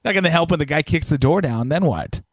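A man's voice: on the high side, animated, fast, dry recording. A man co-hosting a casual chat, answering with skeptical, teasing remarks. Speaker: co-host.

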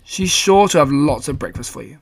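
Man reading doing a sweet simple young bear, earnest and gentle, bit of a high voice. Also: animated, fairly quick, vocal fry, slightly rough, exaggerated voice. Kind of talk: storybook reading.

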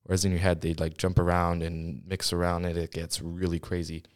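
A young man with a very low voice talks casually into a studio microphone, rambling and restarting his sentences. He keeps running short of breath between quick bursts of talk. The sound is dry and close, with no room echo. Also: monotone. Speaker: podcast host. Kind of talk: casual solo podcast chat. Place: small school podcast studio.

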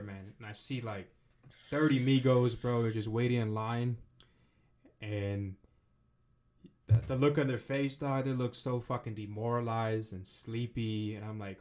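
A man's voice: medium pitch, darkish tone. A young man co-hosting a casual podcast, telling a long story in a rambling, profane, slang-heavy way. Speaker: podcast co-host.

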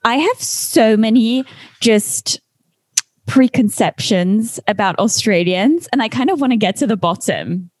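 A woman's voice: a little high, expressive, measured pace, a little mellow, no echo. A woman from England, hosting a podcast in casual chat, blunt and opinionated, swearing and filling with "like". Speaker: podcast host.

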